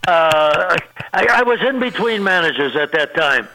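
A man's voice: on the high side, lively intonation, a little slow, low-quality recording. An older man, a comedian being interviewed, telling rambling anecdotes and laughing at his own punchlines. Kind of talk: anecdotal storytelling.

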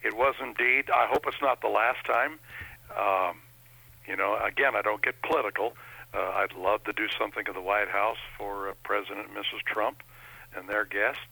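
A man appearing as an impressionist guest spins folksy, chatty stories during an interview. He speaks at normal speed in a lowish, husky voice with a steady tone that sounds pushed and bright, captured in a low-quality recording without room sound.

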